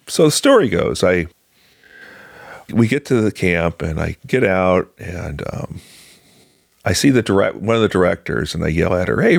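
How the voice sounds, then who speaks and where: A man in his thirties or older from Illinois, telling a personal faith story casually, halting with fillers and restarts. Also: sits low, vocal fry, no echo, clean studio sound. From Illinois, USA. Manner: conversational, halting with fillers and restarts, voices other people in quotes.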